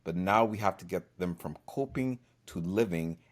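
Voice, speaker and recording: A man with a low voice offers advice on a podcast as a therapist. He speaks in a measured, encouraging way, with the odd "you know" and "right?". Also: a little hiss or hum. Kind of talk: podcast discussion.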